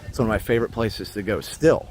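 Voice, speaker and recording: A man's voice: fairly low pitch, quick pace, a little mellow. Chatty man streaming live from a park. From Indiana. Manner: rambling, chatty, many fillers, greets viewers' comments. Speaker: livestream host. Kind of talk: casual live-stream tour talk. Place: outdoors in a park by a road. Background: faint traffic.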